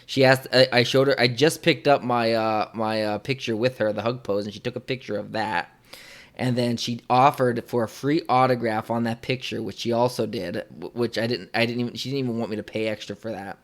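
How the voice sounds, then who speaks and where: A man's voice: medium pitch, fairly even intonation, fairly quick. A young man interviewing a guest, telling a personal story in a rambling, emotional way, full of fillers and restarts. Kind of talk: casual conversational storytelling.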